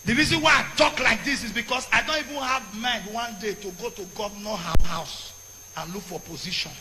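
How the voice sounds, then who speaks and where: A man with a Nigerian accent giving a fiery sermon-style rant, often shouting and slipping into pidgin. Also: very high voice, fairly quick, in a large hall, background noise.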